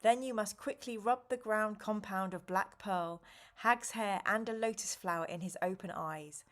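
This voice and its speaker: A woman voicing a weary, stern old male wizard who speaks calmly and in measured tones while reading a gamebook aloud. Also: medium pitch, lightly acted. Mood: grave, calm.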